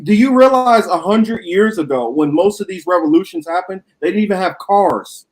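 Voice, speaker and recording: A man's voice: high-pitched, animated, normal speed, low-quality recording. A man co-hosting a political talk show, arguing bluntly and with profanity in a heated debate.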